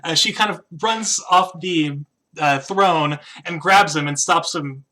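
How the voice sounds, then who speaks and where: Guy running a d&d game, bright voice, describing stuff with lots of uhs and likes. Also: a little high, measured pace. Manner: descriptive, many fillers and chuckles. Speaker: game master. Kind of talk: narrating a tabletop game.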